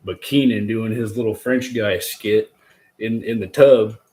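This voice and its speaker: A man's voice: lowish voice, measured pace, darkish tone. A man hosting a casual livestream tutorial, rambling in a goofy way and chatting with his viewers as he works. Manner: goofy and rambling, talks to chat. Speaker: host demonstrating a DIY agar method.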